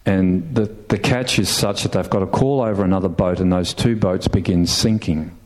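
A middle-aged man preaches with animated energy, his somewhat low voice climbing as he presses his listeners with questions. He tells the story vividly and laughs along the way. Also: moderate pace. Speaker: pastor. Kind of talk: sermon.

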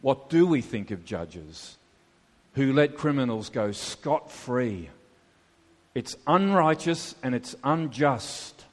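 A man's voice: mid-range voice, sing-song, slow. A man preaching a sermon, conversational, with many rhetorical questions to the congregation. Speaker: pastor. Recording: long hall reverb.

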